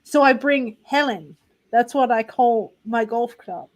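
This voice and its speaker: A male adventurer with a put-on Welsh lilt, as a woman voices him, grand and a bit affronted. The voice sits high and the words come slowly and deliberately. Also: close to an everyday voice, poor audio. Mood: indignant. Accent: attempted Welsh. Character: Welsh adventurer man carrying a golf club.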